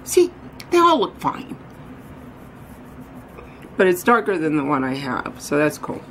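Slow, low-voiced woman vlogging. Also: wildly swooping pitch, slight background noise, rough recording. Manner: rambling, self-deprecating, talks while running errands. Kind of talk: casual vlog chat. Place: out running errands, then at home.

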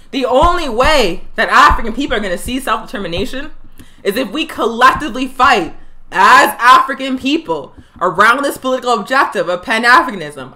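A woman's voice: a little high, pushed and bright. Fiery, emphatic young woman host. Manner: fiery, emphatic, repeats phrases for stress. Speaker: political education show host. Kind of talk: impassioned live political talk.

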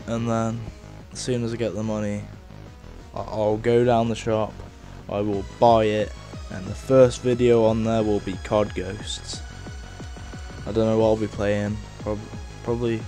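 A young man rambling casually through a let's-play of a game on a headset mic, with lots of fillers and sudden shouts of frustration. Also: fairly low pitch. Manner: rambling, filler-heavy, bursts into rage shouts. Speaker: gaming video host.

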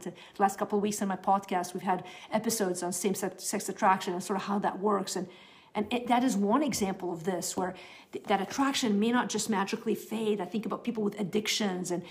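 A woman's voice: mid-range voice, steady tone, fast talker. A middle-aged woman giving a teaching session to new believers, talking in an earnest, conversational way with frequent restarts. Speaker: Bible teacher.

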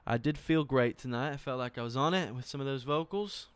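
A young man, a singer, chatting casually with viewers at the end of his live stream in a relaxed, thankful way. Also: medium pitch, brisk, clear, resonant tone, no room sound.

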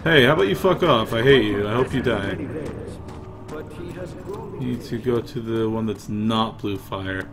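A man's voice: lowish voice, measured pace, pauses often, over music. Profane, irritable male gamer. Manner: profane, irritable, mumbling to himself. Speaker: let's play gamer. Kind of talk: gameplay commentary.

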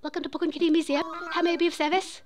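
A woman's voice: very high voice, flat delivery, rapid-fire. A woman voicing a polite male owl museum curator in a put-on British accent, formal and courteous.

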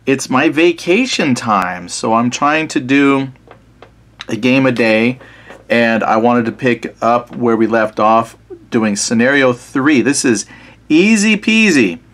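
A man at mid pitch talks his way through a solo board wargame in a casual, easygoing manner. He reads the scenario text aloud, then muses on his setup in a relaxed, self-deprecating tone. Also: slow pace. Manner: thinks aloud while reading out scenario text. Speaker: board wargame player and channel host.

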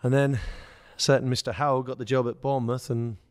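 An English man, a former footballer, telling lively anecdotes in casual chat and acting out the quoted dialogue. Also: mid-range voice, a little fast, no room sound, clean studio sound. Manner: storytelling, acts out quoted dialogue, laughs. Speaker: former footballer, podcast guest.

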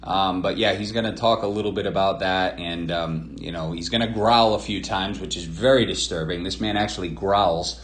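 Low-voiced man mocking a preacher. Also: steady tone, normal speed, few pauses, echoey room, a little hiss or hum. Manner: mocking, sarcastic, rambling with fillers. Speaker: video commentator. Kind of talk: critical commentary.

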